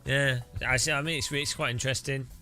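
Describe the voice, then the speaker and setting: A man's voice: mid-range voice, fairly even intonation, a little fast, bright, forceful tone, soft background music. A man hosting a sim-racing livestream, rambling and joking with chat and often laughing. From Britain. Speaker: streamer host.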